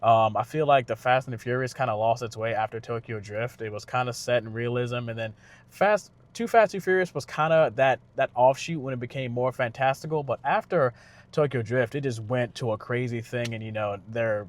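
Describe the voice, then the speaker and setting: A man giving a casual spoken movie review, loose and conversational with lots of fillers and restarts. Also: mid-range voice. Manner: slangy retelling with quick impressions of characters. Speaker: car channel vlogger reviewing a film.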